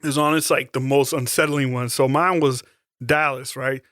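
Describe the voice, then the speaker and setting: A man's voice: mid-range voice, steady tone, normal speed, a bit bright, no echo, studio quality. A man co-hosting a podcast, retelling a horror movie scene in a laid-back, profane way. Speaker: podcast co-host. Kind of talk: casual movie chat.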